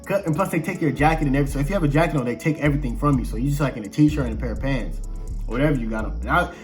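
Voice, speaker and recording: A young adult man casually telling a personal story, slangy and animated, acting out quoted exchanges as he goes. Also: mid-range voice, very fast, soft background music.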